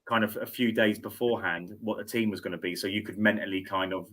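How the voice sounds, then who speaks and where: A man's voice: on the low side, steady tone, fast talker, a bit bright. A middle-aged man hosting a sports show, chatting casually and repeating words as he thinks aloud. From United Kingdom. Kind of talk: casual studio interview chat.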